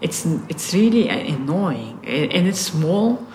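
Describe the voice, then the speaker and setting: Her voice is lowish and darkish, very animated yet unhurried: a Russian artist being interviewed as a guest in a casual conversation. She muses reflectively, uses many fillers, and swears now and then out of frustration. There's a roomy echo plus a faint hiss or hum.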